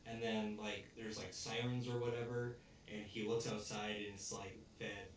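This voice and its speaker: A man's voice: lowish voice, flat delivery, normal speed, a little hiss or hum. Young man rambling through a plot recap. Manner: rambling, filler-heavy. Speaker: podcast host. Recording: echoey room, distant mic.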